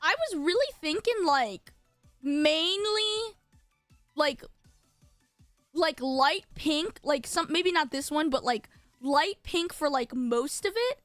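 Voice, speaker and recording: Bubbly high-voiced young woman streamer. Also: animated, slow, a bit bright, dry recording, soft background music. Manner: bubbly, lots of filler words, jumps between topics. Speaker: VTuber streamer. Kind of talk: casual live-stream chat.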